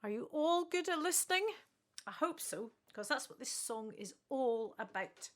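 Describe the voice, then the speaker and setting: A woman with a Scottish accent leading a call-and-response singing lesson, encouraging and speaking slowly and clearly between sung phrases. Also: high voice, animated. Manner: encouraging, slow and clear, sings sung examples. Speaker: music teacher.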